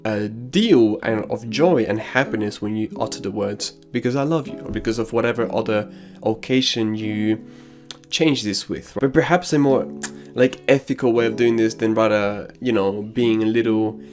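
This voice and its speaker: A man's voice: on the low side, normal speed, a little mellow, faint music behind. A man giving casual, slangy commentary on an anime and telling personal anecdotes. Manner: casual and slangy, drops crude asides.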